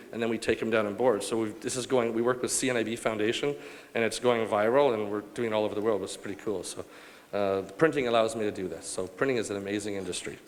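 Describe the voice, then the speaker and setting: A man gives a loose, off-the-cuff award speech, joking and poking fun at himself between plenty of fillers. His voice sits at an everyday middle pitch. The sound carries a long reverb from a large banquet hall. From Canada. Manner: rambling, joking, self-deprecating, with fillers. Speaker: award recipient giving a speech.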